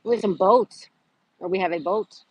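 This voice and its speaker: A woman's voice: mid-range voice, normal speed, darkish tone, slightly rough, dry recording, lo-fi sound. A woman hosting a casual livestream from outdoors in a park, chatting to viewers, greeting them by name and reading trivia questions aloud. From Florida. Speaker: livestream host.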